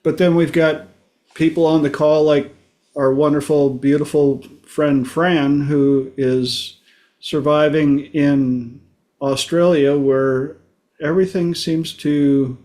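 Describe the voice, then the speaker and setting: A Minnesota man hosts a podcast, casually telling stories and chuckling often. His voice is on the high side with a darkish tone, fairly even intonation, and a slow pace.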